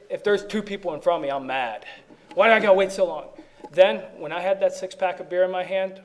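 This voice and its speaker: At a recovery meeting, a man with a slightly high voice tells his story, rambling and poking fun at himself while restarting again and again.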